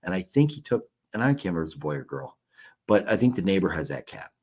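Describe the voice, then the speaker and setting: A man's voice: low-pitched, sing-song, fast, a little mellow, slightly rough. A man in his fifties hosting a casual livestream, rambling and swearing as he reads chat comments. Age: 50s. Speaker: livestream host. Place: hotel room.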